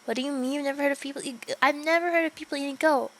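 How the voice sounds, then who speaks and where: A young woman livestreams a game and chats casually with viewers, giggling often and swearing offhandedly. Her voice sits high with a steady tone, she talks at a racing pace, and the recording is rough.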